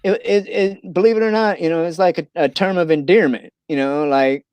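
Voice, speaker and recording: A man from Missouri rambles through a casual livestream chat, full of "you know" and restarted sentences. His voice is smooth and clear, recorded dry and close with no room sound. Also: high voice, a little fast, a little mellow, dry recording. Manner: rambling, many fillers and restarts. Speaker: livestream host.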